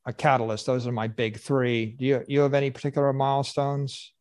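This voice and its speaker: A man moderating a conference panel, laying out points deliberately and with emphasis. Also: medium pitch, flat delivery, a little mellow, no echo, clean studio sound.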